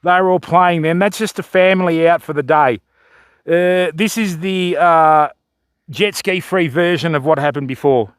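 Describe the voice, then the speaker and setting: Excited Australian man streaming outdoors. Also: a little high, measured pace, clean tone, dry recording, clean studio sound. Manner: excitable, calls viewers fam and mate. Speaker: fishing livestreamer. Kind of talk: live commentary to stream chat. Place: outdoors by a river.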